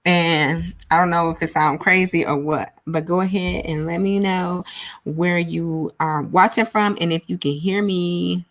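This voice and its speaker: A woman's voice: fairly low pitch, fairly even intonation, unhurried. A young woman hosting a casual livestream on a large studio mic, chatting with viewers and reading out their comments. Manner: chatty, reads out viewer comments, says y'all often. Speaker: livestream host.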